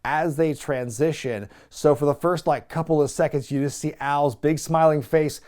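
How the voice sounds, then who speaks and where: A man hosting a wrestling review show, giving a casual, sarcastic, animated recap with some swearing. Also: fairly high pitch, normal speed.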